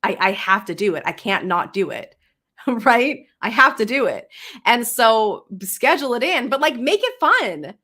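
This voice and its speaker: A woman's voice: fairly high pitch, sing-song, unhurried, pushed and bright. A woman host talking casually and upbeat, often adding "right?" and restarting her sentences while she answers comments. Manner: chatty, upbeat, with many "right?" tags and restarts. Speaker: podcast host. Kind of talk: casual solo talk reading live comments.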